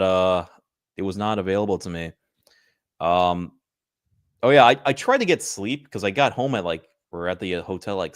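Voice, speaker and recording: A man's voice: fairly low pitch, no room sound, clean studio sound. A man co-hosting a podcast, chatting casually and telling rambling anecdotes. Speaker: podcast co-host. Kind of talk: casual chat.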